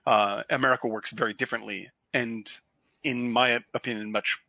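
A man from Cape Cod talks in a loose, rambling way, piling up fillers and restarts. His voice is gravelly and bright-edged with a husky grain. The sound is close and dry. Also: medium pitch, fairly even intonation, moderate pace, no echo. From Cape Cod, Massachusetts. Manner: rambling, many fillers and restarts, bursts of laughter. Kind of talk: casual chat.

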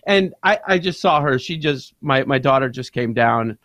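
A man's voice: mid-range voice, lively intonation, normal speed, fairly bright tone, dry recording, studio quality. A man co-hosting a sports show, telling a rambling home story with frequent laughs. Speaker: co-host. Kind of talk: casual chat.

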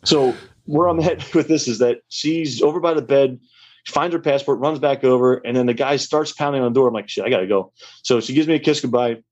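Fast, rambling young man telling a story. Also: medium pitch, fairly even intonation, a little mellow, highs cut off. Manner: rambling, lots of fillers. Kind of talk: casual storytelling.

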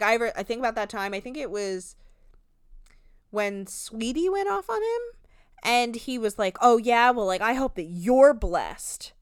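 A woman co-hosting a podcast, recapping a reality show in casual, animated chat, swearing freely and acting out quotes. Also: mid-range voice, clear, resonant tone, dry recording, studio quality.

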